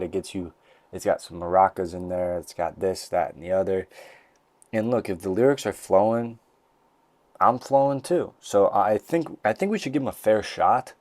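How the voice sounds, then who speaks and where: A man's voice: sits low, a little mellow, no room sound. A young man hosting a casual comedic podcast monologue, rambling and jokey with lots of restarts. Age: young adult. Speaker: podcast host. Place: college bathroom. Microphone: desk mic.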